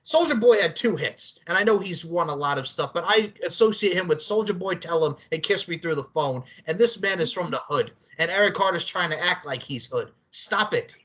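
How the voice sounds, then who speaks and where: A man's voice: high voice, lively intonation, fairly quick, few pauses, fairly bright tone. A man hosting a casual podcast chat, rambling, profane and often laughing. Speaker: podcast host.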